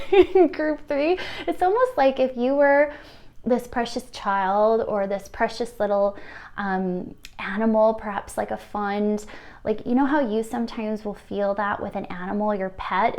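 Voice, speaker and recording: A woman's voice: medium pitch, darkish tone. A woman giving an intuitive card reading to viewers, gushing and emotional with frequent light laughs. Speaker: tarot reader.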